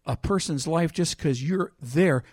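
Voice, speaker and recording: A man delivers a sermon in a somewhat high voice, recorded close and dry with almost no room sound. He reads scripture loudly and emphatically, then drops into a quiet, conversational tone to tell a story from his own ministry. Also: measured pace, husky, no room sound. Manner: animated, swings between loud emphatic reading and quiet storytelling. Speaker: preacher.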